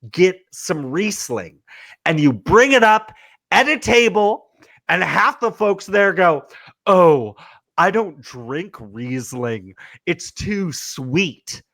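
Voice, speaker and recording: A man's voice: fairly high pitch, fairly bright tone. A man co-hosting a casual podcast, chatting about wine in an easygoing but opinionated way. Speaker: co-host.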